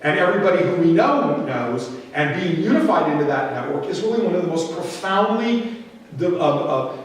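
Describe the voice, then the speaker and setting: A middle-aged man giving a storytelling talk at a church conference, animated and fond of anecdotes. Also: fairly high pitch, moderate pace. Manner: storytelling, animated, acts out quoted voices. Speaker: conference speaker. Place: large hall. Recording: echoey hall, distant mic.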